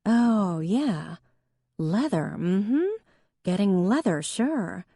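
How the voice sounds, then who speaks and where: A woman's voice: mid-range voice, expressive, drawn-out words, warm tone, breathy edge, dry recording, clean studio sound, pitched above the performer's own voice, full character voice. A woman voicing a wry, self-mocking young woman in an audiobook. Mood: mock agreeing. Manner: wry, playful.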